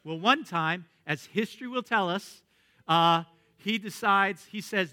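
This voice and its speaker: A man pastor preaching a sermon as a lively storyteller, swinging from excited outbursts to hushed tones. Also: high-pitched, unhurried.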